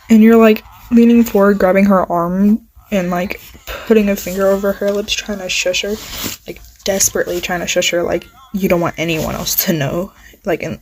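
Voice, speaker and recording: A woman improvising a second-person listener role-play story in a rambling way, full of fillers, pauses and apologies. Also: mid-range voice, darkish tone, poor audio. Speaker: channel host. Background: faint music playing.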